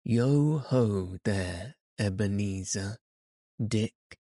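Guy putting on a big jolly old merchant, booming cheerful calls, mellow and dry, storybook reading. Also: extremely slow, no echo. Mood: jovial shouting. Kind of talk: audiobook reading.

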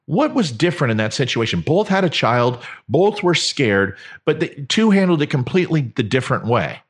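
A man's voice: mid-range voice, moderate pace. Guy hosting a podcast telling a long story, voice jumps all over the place, acts out everybody's lines. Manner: animated, acts out quoted dialogue. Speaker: podcast host.

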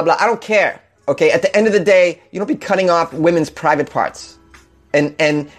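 A man hosting a casual comedic news show, reading odd stories and ranting irreverently with frequent laughter. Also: on the high side. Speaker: news podcast host.

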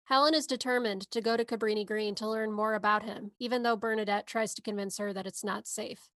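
A woman's voice: medium pitch, steady tone, brisk, fairly bright tone, no echo. A woman podcast co-host giving a movie synopsis in a casual, sarcastic way. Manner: sarcastic, wry asides.

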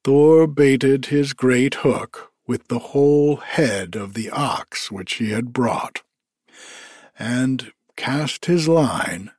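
A man reading a story aloud in a slow, deliberate storytelling manner. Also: medium pitch, darkish tone, husky, dry recording, studio quality.

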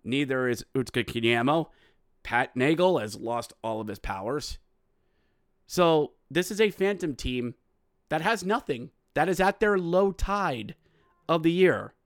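Excitable male hockey podcast host. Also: a little high, a little slow, no room sound, studio quality. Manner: shouts excited goal calls, then sardonic commentary. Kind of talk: solo sports podcast recap with play-by-play.

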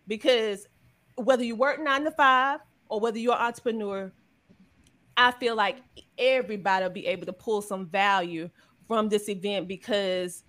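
A woman from South Carolina, giving an energetic, preachy, joking promotional pitch in a podcast chat. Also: normal speed. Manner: energetic, preachy, jokey with big swings. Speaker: podcaster and event speaker.

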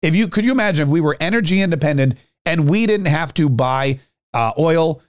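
A man's voice: on the high side, animated, a little fast, no echo, studio quality. A man hosting a podcast, delivering a rambling, sarcastic political commentary monologue. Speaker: podcast host.

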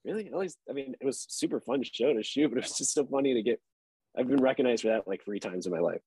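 A man's voice: medium pitch, fast, mellow, slightly rough, no echo. A man in his thirties, an actor guest on a podcast, telling laid-back stories and swearing casually.

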